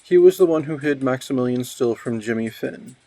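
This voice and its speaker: A man voicing an unrepentant jailed bootlegger, reading the lines out flatly in his own voice. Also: mid-range voice, a little fast, no room sound, close to an everyday voice. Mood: smug.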